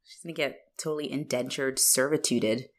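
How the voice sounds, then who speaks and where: A woman's voice: rumbling low, fairly even intonation, fairly quick. A woman co-hosting a casual film chat, recapping the plot with frequent laughter and casual swearing. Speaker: podcast co-host.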